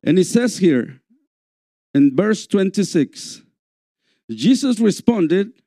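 A man preaching a sermon in a church, slow and repetitive, calling out for amens. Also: sits high, sing-song, warm tone, no room sound, studio quality. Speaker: pastor.

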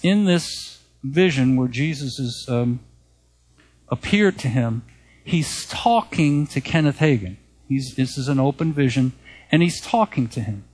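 A man preaching and retelling an account to his listeners, with a voice that sits a touch higher than most men's. He tells it in an animated storytelling way and lifts his voice whenever he quotes someone. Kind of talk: sermon retelling a written account.

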